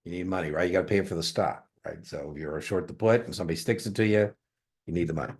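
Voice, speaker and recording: A middle-aged man teaches a finance exam prep class. His voice sits low, and he keeps the lecture animated, breaking into jokes and playing out back-and-forth exchanges with students. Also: fast talker, breathy edge. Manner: animated, jokey, acts out dialogues with students.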